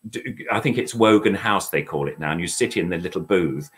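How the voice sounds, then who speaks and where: A man's voice: low-pitched, brisk, a bit bright, slightly rough. An older man, a guest chatting and reminiscing in a rambling, chatty way. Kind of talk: casual reminiscing chat.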